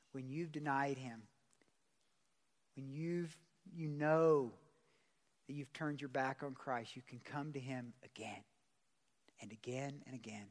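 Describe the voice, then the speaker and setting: Slangy pastor preaching in an echoing hall. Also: male voice, medium pitch. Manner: conversational, slangy, questions the congregation. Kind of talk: sermon. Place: church service. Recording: long hall reverb.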